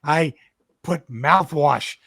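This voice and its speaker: A man co-hosting a podcast, telling a story in a casual, profane, animated way. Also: fairly high pitch, extremely slow, creaky, slightly rough, no echo, studio quality. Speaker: podcast co-host. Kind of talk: casual chat.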